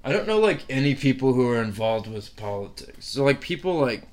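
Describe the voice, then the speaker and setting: A man's voice: mid-range voice, very animated, brisk. A man, a comedian, telling stories in casual podcast chat, rambling with many fillers and frequent laughs. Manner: rambling, full of "like", often laughing.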